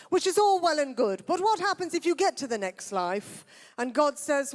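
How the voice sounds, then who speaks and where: A woman from Britain, doing a dry deadpan stand-up routine on a festival stage. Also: high voice, moderate pace. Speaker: stand-up comedian.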